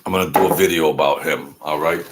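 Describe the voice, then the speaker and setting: A man's voice: extremely low pitch, fairly even intonation, quick pace, very noisy. A man hosting his own channel, talking in a loose, rambling way with jokes and self-deprecating asides. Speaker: YouTube channel host. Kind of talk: casual vlog monologue.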